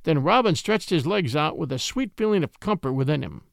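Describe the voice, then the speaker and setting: A man reads a storybook aloud with a lively, expressive delivery. His voice sits a little high and swings freely, and the recording is dry and close. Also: brisk, vocal fry, no echo. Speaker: audiobook narrator. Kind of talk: storybook narration.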